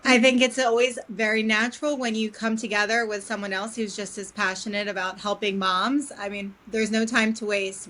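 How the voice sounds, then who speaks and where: A woman's voice: mid-range voice, a bit bright. A woman guest in a casual interview who explains in an earnest, promotional way. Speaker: company CEO guest.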